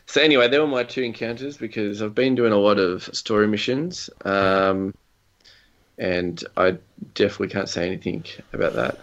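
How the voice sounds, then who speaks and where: A man's voice: on the low side, normal speed. A young man chatting casually about a video game, rambling through stories with lots of fillers and chuckles. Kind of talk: casual gaming chat. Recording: slightly dull lo-fi recording.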